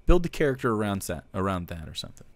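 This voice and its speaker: A man's voice: lowish voice, big pitch swings, quick pace, dry recording. Blunt, profane male streamer, very dry sound. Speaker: streamer host. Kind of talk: live stream reaction commentary.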